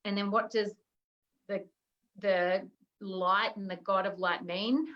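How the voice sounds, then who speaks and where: A woman's voice: medium pitch, fairly even intonation, takes it slowly, muffled recording. A woman guest in an interview, answering casually and searching for her words. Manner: searching for words, uses fillers.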